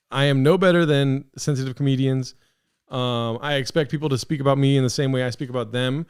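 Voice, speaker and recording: A man's voice: mid-range voice, fairly even intonation, quick pace, clean tone. A man hosting a live stream, rambling in casual commentary with lots of swearing, fillers and restarts. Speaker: podcast host streaming.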